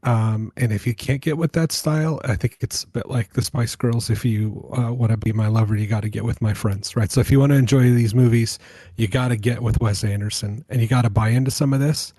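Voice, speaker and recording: A man on a podcast panel talks through film style thoughtfully, stopping to hunt for the right word. His tone is mellow and warm. The recording is dry. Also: medium pitch, brisk, breathy edge, no room sound. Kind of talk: casual film discussion.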